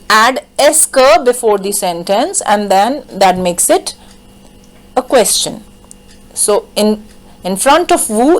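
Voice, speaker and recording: Woman, French teacher, fairly high voice, patient explanations, repeats examples. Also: poor audio. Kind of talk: grammar lesson.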